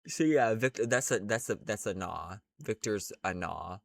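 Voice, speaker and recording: A man's voice: lowish voice, lively intonation, moderate pace, gravelly, dry recording, studio quality. A young man chatting casually in a rambling, crude, gushing way as he ranks characters. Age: young adult. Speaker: vlogger. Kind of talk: casual ranking chat.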